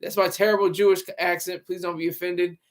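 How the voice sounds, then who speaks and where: A man's voice: sits high, level tone, fast. A man livestreaming casual commentary in a rambling, sarcastic way. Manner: rambling and sarcastic, with frequent restarts.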